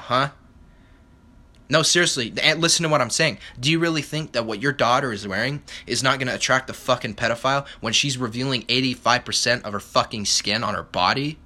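A man's voice: medium pitch, sharp tone. A young man hosting a solo podcast, ranting angrily with a lot of profanity. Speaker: podcast host.

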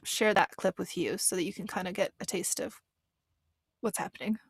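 A woman's voice: medium pitch, normal speed, vocal fry, breathy edge. A woman giving casual, earnest commentary on a reality show, rambling with frequent restarts and getting emotional.

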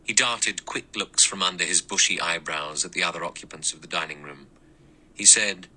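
A man narrating an audiobook in a steady, measured way. His voice is very low yet bright and sharp in tone. The delivery is even and deliberate. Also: poor audio. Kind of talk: scripted narration.

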